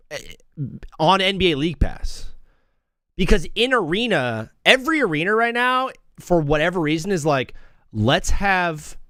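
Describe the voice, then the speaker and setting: A brash young man runs a live sports talk stream, rambling and joking as he reads the chat. His voice sits a little high and swings widely up and down. He is recorded close and dry, with no room sound. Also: fairly bright tone, no room sound. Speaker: sports talk show host.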